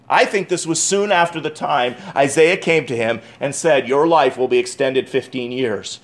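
A male pastor preaching a sermon, calling his listeners friends, moving from loud pleading to hushed, slowed emphasis. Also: medium pitch. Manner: addresses the congregation as friends, asks rhetorical questions.

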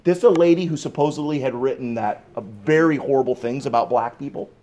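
A man preaching a sermon, swinging from emphatic raised bursts to low, hushed reflection. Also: fast talker. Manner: emphatic, rising to raised bursts on key points. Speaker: pastor.

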